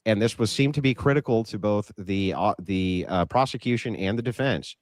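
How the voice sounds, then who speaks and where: A man arguing in a debate, measured and insistent. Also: fairly low pitch, darkish tone, dry recording. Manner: measured, insistent, asks to finish. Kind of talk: debate argument.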